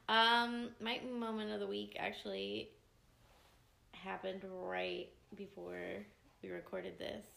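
A woman's voice: mid-range voice, vocal fry, a bit bright. A young woman co-hosting a podcast, chatting casually and reading quiz questions with a laugh. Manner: laughing, playful quizmaster. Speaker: podcast co-host. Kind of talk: casual chat. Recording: echoey room, faint hiss.

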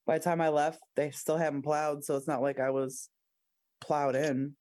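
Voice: mid-range voice, level tone, moderate pace, a little mellow, no echo, studio quality. An adult co-host talking frankly in casual chat, telling stories with quoted asides.

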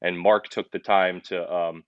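A young man with a deep, low voice tells his story as a podcast guest. He sounds earnest and animated, stumbling and restarting as he goes. The recording is dry, a little dull and lo-fi. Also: a little slow, no room sound. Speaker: podcast guest, pizzeria owner. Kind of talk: casual storytelling interview.

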